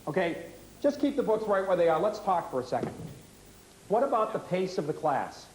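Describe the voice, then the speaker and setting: Brisk man teaching in an echoey hall. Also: high-pitched, very animated, very noisy. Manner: brisk, rapid-fire questioning. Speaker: workshop leader. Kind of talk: teaching workshop with audience role-play.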